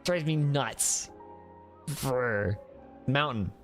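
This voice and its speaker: A streamer with a Midwest mountain accent giving animated, rambling gameplay commentary full of restarts. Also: medium pitch, unhurried, faint music behind. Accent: Midwest mountain American.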